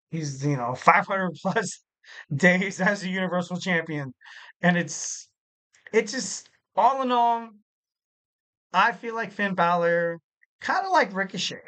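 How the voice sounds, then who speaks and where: Rambling, animated wrestling podcast host. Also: male voice, high voice, measured pace, low-quality recording. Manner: rambling and animated, full of "like" and "you know", laughs a lot. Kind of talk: casual solo podcast commentary.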